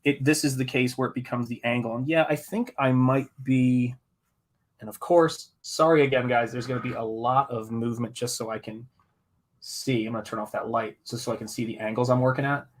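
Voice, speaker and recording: A man's voice: mid-range voice, steady tone, brisk. An American man with a rambling, think-aloud manner, chatting casually with viewers while painting on a live stream. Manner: rambling, thinking aloud, restarts mid-thought. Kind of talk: casual chat while working.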